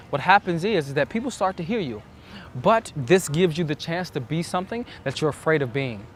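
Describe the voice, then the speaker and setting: A man's voice: fairly high pitch, slight background noise. A man giving earnest, reflective dating advice as a coach, acting out the self-talk he describes. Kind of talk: instructional monologue.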